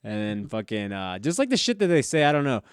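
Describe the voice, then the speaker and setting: A man's voice: lowish voice, big pitch swings, fast, clear, resonant tone, no echo, studio quality. A man co-hosting a casual podcast, laid-back and swearing freely as he retells TV scenes. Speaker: podcast co-host. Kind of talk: casual chat.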